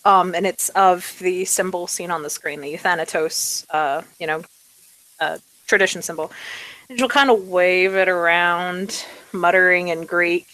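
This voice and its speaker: A woman's voice: on the low side, fairly even intonation, measured pace, a bit bright, dry recording, rough recording. A woman playing a tabletop game, narrating casually with many fillers. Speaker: tabletop player. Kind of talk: casual tabletop role-play.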